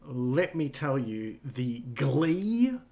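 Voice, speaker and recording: A man's voice: medium pitch, very animated, very slow, a little mellow. Rambling, swearing man in casual chat. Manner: rambling, swears freely, many fillers. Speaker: podcast co-host.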